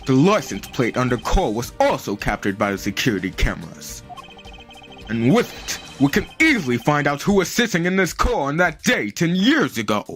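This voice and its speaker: Playful man with a lively voice. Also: medium pitch, normal speed, faint music behind. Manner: playful, reads lines with dramatic flair. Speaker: co-player of a game stream. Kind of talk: casual gaming chat and reading dialogue aloud.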